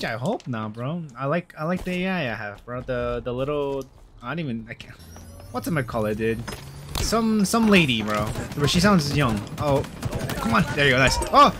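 A young man giving casual, slangy gameplay commentary, swinging between mumbles and loud excited outbursts. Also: a little high, moderate pace, slight background noise. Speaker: gamer. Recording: game gunfire loud behind voice.

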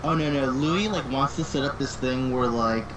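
A man's voice: mid-range voice, normal speed, noisy background. A man calling in to a stream, chatting casually and laid-back with lots of fillers. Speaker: caller. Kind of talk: casual phone-in chat.

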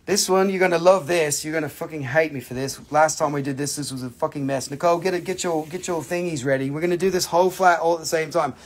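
Speaking quickly with few pauses in a slightly high voice, a man runs a live sales stream for crystals and minerals. He names a price for every stone while cracking jokes, cursing, and trading banter with viewers.

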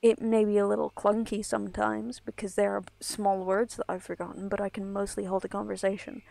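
A woman's voice: medium pitch, flat delivery, a little fast, gravelly, mellow, no room sound. A woman from Ireland streaming a game, chatting casually in a rambling way full of asides. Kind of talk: casual chat while gaming.

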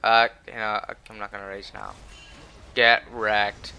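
A man's voice: fairly low pitch, flat delivery, a little slow, gravelly, bright, forceful tone, slight background noise. A man giving live commentary while playing a video game, ranting and swearing, flipping between muttered whispers and outbursts. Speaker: gamer playing online.

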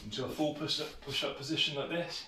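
A man's voice: on the high side, quick pace. A British man leading a home workout, talking casually and encouragingly while slightly out of breath. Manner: casual, encouraging, loose phrasing. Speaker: fitness instructor. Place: room at home. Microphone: far camera mic. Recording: roomy, distant, noisy home video.

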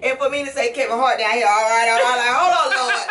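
A woman comedian being interviewed, chatting casually, bawdy and laughing often with loud exclamations. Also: fairly high pitch, fast. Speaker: comedian guest.

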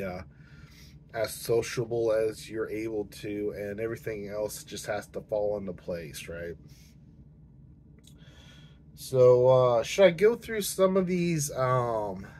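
A man with a lowish voice chats casually about books, rambling and restarting his sentences with plenty of fillers. He has the hiccups. A faint hum of room ambience sits behind him. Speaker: book channel host. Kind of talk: casual chat to camera.

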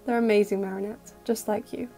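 A woman voicing an earnest, kind teenage boy in an audio fic reading, speaking softly and sincerely. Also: medium pitch, steady tone, a little fast, soft background music, close to an everyday voice.

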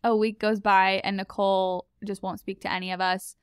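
A young woman casually telling a story, acting out the quoted lines in a lively, higher voice. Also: moderate pace, clean tone, no echo, clean studio sound.

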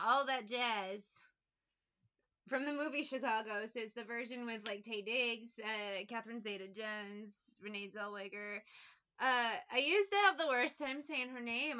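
A woman's voice: on the high side, bright, forceful tone, highs cut off. A woman, a tarot reader chatting casually, rambling, laughing often and breaking into song. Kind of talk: casual chat. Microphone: phone.

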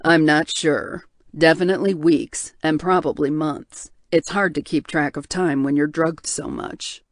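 A woman voicing a wounded, drugged male bear shifter in an audiobook, speaking slowly with heavy guilt. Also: low voice, no echo, studio quality, pitched below the performer's own voice. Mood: weary. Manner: slow, heavy, guilt-laden. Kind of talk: audiobook character voice.

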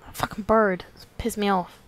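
A young woman giving casual, excitable gameplay commentary, swearing freely and talking to the characters on screen. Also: medium pitch, normal speed. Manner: excitable, swears a lot, talks to the game characters. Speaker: let's play host.

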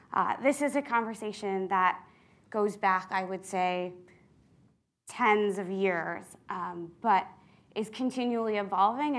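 A woman's voice: medium pitch, fairly bright tone. A woman moderating a policy panel, with a voice in the middle of the usual range. She talks in a conversational way and leans on fillers as she frames her questions.

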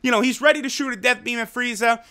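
Man, anime episode reviewer, excitable, swears a lot, bright voice. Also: very high-pitched. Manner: excitable, profane, laughing, fast recaps. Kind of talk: casual video review.

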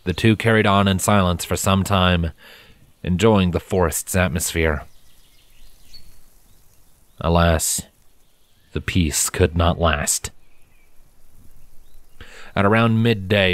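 A man reading a fan fiction story aloud as narrator, steady and dramatic. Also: low voice, normal speed, no echo. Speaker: fanfiction reader. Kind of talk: audiobook narration. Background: background music.

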